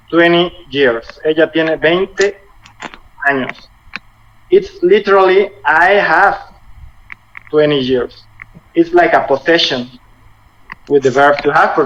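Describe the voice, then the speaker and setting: Halting young man teaching over video call. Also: fairly high pitch, fairly bright tone. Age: 20s. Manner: halting, repeats and rephrases while explaining. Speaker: Spanish teacher. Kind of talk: online language lesson. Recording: muffled video call audio with faint noise.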